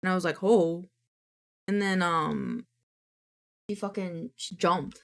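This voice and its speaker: A woman's voice: fairly low pitch, unhurried, vocal fry, a bit bright. A woman VTuber streamer in casual live-stream chat, chatty and swearing freely as she coos at her cat.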